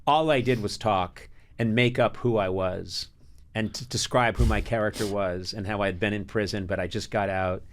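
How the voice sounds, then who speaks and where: A man's voice: lowish voice, moderate pace, slight background noise. A man hosting a podcast in a small studio room, chatting casually and rambling through silly improvised stories. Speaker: podcast host.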